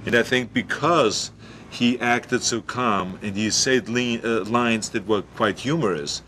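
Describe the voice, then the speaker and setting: A man giving a documentary interview in a halting way, with frequent restarts and fillers. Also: mid-range voice, bright, forceful tone, slight background noise.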